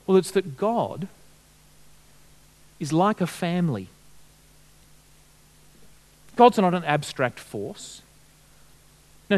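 A man preaching from the pulpit, his voice sitting high and swinging widely in pitch. He works as a storyteller, pausing to put questions straight to the congregation. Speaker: pastor. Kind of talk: sermon.

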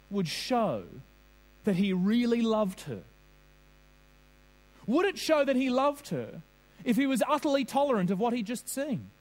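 High-voiced, lively male preacher. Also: rough recording. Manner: earnest, questioning, uses vivid everyday examples. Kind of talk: sermon.

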